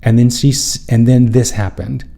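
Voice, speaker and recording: A man's voice: medium pitch, fairly even intonation, moderate pace, vocal fry, dark tone. A man hosting a spiritual self-help show, telling a personal story in an earnest, rambling way and often correcting himself mid-sentence.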